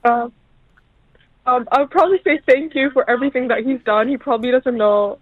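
A woman's voice: high-pitched, brisk, no echo, phone-quality sound. A woman calling in to a radio show, giggly and overexcited. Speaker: caller. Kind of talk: phone-in chat.

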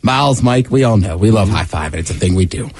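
Man on a radio show, lively pitch, husky, dry close sound, jokey. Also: quick pace, dry recording. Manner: animated, jokey storyteller. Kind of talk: casual radio banter.

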